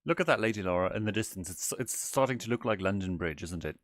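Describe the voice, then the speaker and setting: A man's voice: fairly low pitch, expressive, quick pace, no echo, studio quality, close to an everyday voice. Man doing a flamboyant demon owl prince, Stolas. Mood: playful. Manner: theatrical, calls people darling, giggly. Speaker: streamer. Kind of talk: in-character gameplay livestream.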